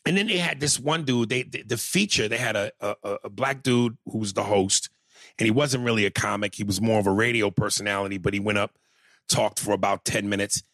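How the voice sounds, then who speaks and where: A male stand-up comedian telling a story in a casual, profane, animated way, with many restarts. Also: fairly low pitch, brisk, dry recording, clean studio sound.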